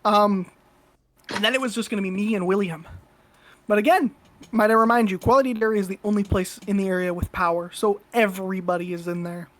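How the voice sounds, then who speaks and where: A woman's voice: medium pitch, fairly even intonation, fairly quick. A woman co-hosting a podcast, telling a story in a casual, blunt and profane way. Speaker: podcast co-host.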